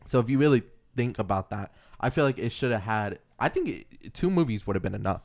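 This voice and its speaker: A man's voice: fairly low pitch, lively intonation, fairly quick, creaky, a little mellow. A young man co-hosting a podcast, chatting casually and loosely, often stopping to correct himself. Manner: chatty, self-correcting, laughs easily. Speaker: podcast co-host. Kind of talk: casual chat about comics and movies.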